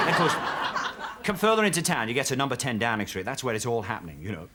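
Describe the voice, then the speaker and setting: A man's voice: medium pitch, sing-song, heavy background noise. A man in his thirties doing a chatty stand-up routine in a TV studio. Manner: chatty, quick with voices. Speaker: stand-up comedian. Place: TV studio with live audience. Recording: 1970s TV studio with audience.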